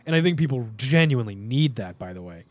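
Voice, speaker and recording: Animated, opinionated young male podcast host. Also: medium pitch, quick pace, no echo. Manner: animated, opinionated, rambling with fillers. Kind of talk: casual podcast chat.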